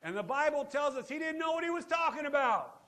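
A middle-aged man preaching a sermon, telling the story with lively asides and calling out to his congregation for responses. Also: very high voice, fairly quick. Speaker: pastor.

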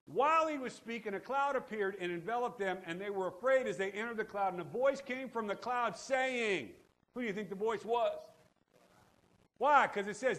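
A middle-aged man preaching a sermon, telling the story with lively asides and calling out to his congregation for responses. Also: sits high, normal speed. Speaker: pastor.

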